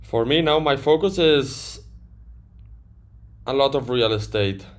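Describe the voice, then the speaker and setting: Brief: man, livestream trader, plain mid pitch, casual and blunt, swears freely while answering chat. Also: slow. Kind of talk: casual livestream chat reading viewer comments.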